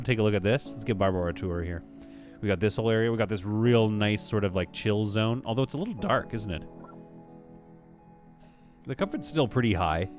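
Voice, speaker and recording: A man hosting a casual live stream, chatting as he plays and reading viewers' messages aloud. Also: lowish voice. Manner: chatty, muses aloud, reads chat. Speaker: streamer host.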